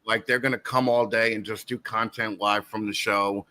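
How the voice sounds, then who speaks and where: A man's voice: on the low side, fairly even intonation, normal speed, pushed and bright. A man guest hosting a casual podcast, telling a rambling story full of restarts and laughter. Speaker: guest host.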